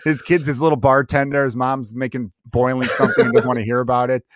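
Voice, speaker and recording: Guy, podcast host, rambling and profane, mid-pitched, very dry close sound. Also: level tone, fast, dry recording. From Chicago's South Side, USA. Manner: rambling, profane, acts out quotes in voices. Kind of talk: casual comedic chat.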